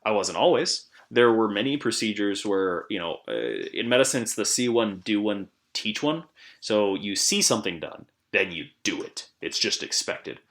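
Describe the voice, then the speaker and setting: A man with a fairly low voice trading stories with friends on a podcast. He talks in a chatty, animated way and often laughs along. The talk is loose and conversational. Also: moderate pace. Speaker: podcast co-host, medical professional. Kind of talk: casual podcast chat.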